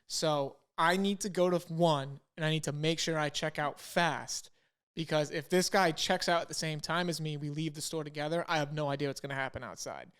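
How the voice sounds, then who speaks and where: A man's voice: on the high side, clean tone. A young man, a podcast co-host, telling a story in casual chat and acting out the dialogue. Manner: animated, quotes himself and others in dialogue.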